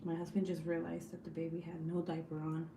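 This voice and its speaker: Streaming her crafting session from home, a young woman talks bluntly and profanely and laughs frequently. Her voice is on the low side, dark and completely flat, and she speaks briskly. The room is echoey, with slight background noise.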